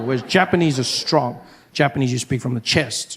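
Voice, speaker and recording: A man's voice: brisk, breathy edge. A man performing a stand-up comedy set, leaping into mock voices and accents as he tells stories. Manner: animated, jumps into high mock voices and accents.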